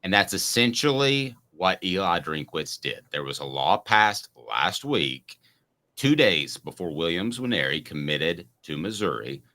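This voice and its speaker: A man's voice: low voice, big pitch swings, measured pace, pushed and bright. A man hosting a sports talk show, talking casually and rambling through long explanations with many restarts. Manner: rambling, restarts mid-sentence.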